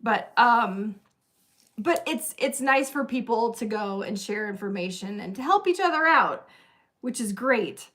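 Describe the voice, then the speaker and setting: A woman's voice: fairly high pitch, expressive, unhurried, fairly bright tone. A woman co-hosting a casual rockhound livestream, laughing often as she chats.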